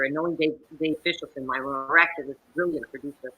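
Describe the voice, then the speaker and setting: Brief: woman, bright husky voice, theatrical storyteller, video call interview. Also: low voice, fast talker, low-quality recording. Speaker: guest actress. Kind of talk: interview conversation.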